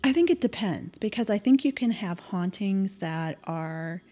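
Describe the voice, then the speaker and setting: A woman's voice: mid-range voice, animated, a little slow, warm tone. Thoughtful woman telling stories hesitantly. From American Midwest. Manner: thoughtful, hesitant with many fillers. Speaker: podcast guest. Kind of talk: casual storytelling interview.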